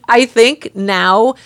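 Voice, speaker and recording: A woman co-hosting a podcast in casual chat, quick and chatty, acting out what others said. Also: fairly high pitch, fairly bright tone, no room sound. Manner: quick, chatty, acts out quotes. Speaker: podcast co-host.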